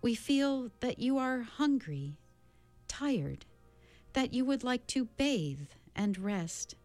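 A woman voicing a gentle, grave alien beast in a storybook, speaking slowly and searching for human words. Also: on the high side, sing-song, soft background music, voice pushed up. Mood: grave, soothing. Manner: slow, measured, searching for words.

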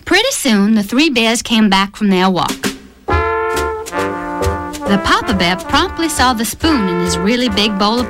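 Lively woman telling a storybook tale. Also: medium pitch, unhurried, long pauses. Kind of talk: storybook narration. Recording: narration over music.

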